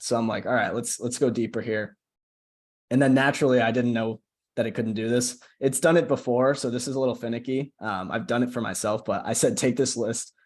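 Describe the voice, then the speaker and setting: A young man casually walking a group call through a screen-share tutorial, often checking in with "right?". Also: mid-range voice. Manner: casual, chatty, keeps asking "right?". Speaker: social media coach.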